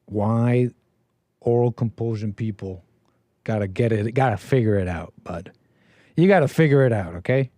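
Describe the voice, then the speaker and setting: A man's voice: fairly low pitch, moderate pace, dark tone, dry recording. A man livestreaming, rambling casually with many repeats and restarts. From Canada. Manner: meandering, repeats words and restarts.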